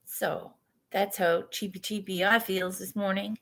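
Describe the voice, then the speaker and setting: Woman vlogger, unhurried pace, middle pitch, swears and laughs a lot. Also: steady tone, creaky, a bit bright. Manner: chatty, swearing, laughs often. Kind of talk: casual morning chat.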